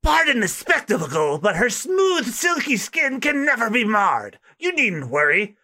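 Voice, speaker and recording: A man's voice: very high voice, huge pitch swings, measured pace, sharp tone, voice pushed up, full character voice. A man voicing a vain, haughty female pirate captain, preening and self-admiring as he reads a comic aloud. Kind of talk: reading comic aloud with voices.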